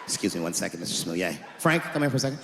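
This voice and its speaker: A man voicing a weary middle-aged police officer who asks slow, patient questions. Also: low-pitched, big pitch swings, vocal fry, very noisy, voice pushed down, full character voice. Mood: dryly patient. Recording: echoey hall with loud crowd.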